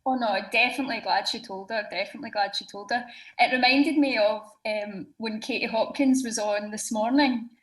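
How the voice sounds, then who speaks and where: An actress joining a casual chat as a guest, animated and quick, recorded on a distant mic. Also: female voice, on the high side.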